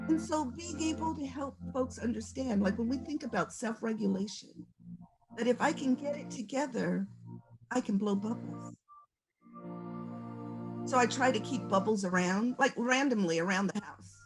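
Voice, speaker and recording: A woman presenting a virtual conference workshop on stress reduction, talking in a gentle, folksy, conversational way as she coaches breathing. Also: a little high, moderate pace, rough recording. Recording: music playing underneath.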